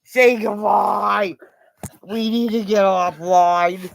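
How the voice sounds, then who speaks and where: A woman's voice: mid-range voice, fairly even intonation, extremely slow, gravelly, voice pushed up. A woman voicing her hungry, impatient big male mastiff, whining and pleading to be let out. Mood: whiny. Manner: whiny, pleading.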